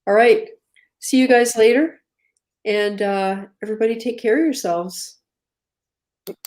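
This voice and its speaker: A woman's voice: on the high side, a little slow, a little mellow. A woman hosting a live stream, talking in an easygoing, chatty way and thanking her guests. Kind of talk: casual live-stream chat.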